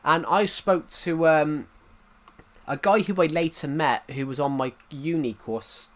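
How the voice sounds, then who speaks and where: A man's voice: fairly high pitch, measured pace. A young man chatting casually on a gaming stream, rambling with many restarts as he talks to his viewers. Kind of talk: casual live-stream chat.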